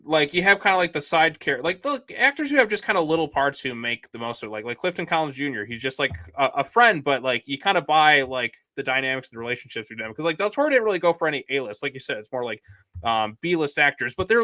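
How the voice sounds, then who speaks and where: A man co-hosting a casual movie review chat, with a bright, forceful tone. He rambles and fills every pause with "like" and "um", recorded close and dry with no room sound. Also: fairly high pitch, lively intonation, dry recording. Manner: rambling, lots of "like" and "um". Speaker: podcast co-host.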